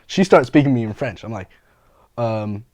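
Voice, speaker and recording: A young man from the Bay Area tells stories in a loose, slangy, swear-heavy way, laughing often. His pitch sits in the middle. The sound is dry and close, with no room echo. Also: lively intonation, normal speed, darkish tone. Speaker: graffiti artist and painter. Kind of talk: casual storytelling interview.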